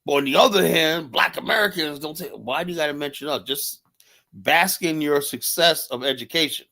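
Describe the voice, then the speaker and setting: A man's voice: fairly high pitch, normal speed, gravelly, bright, forceful tone. A man arguing his point heatedly in a casual stream discussion, constantly tagging on rhetorical questions. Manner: heated, argumentative, keeps asking "you know?". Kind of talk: casual live-stream debate.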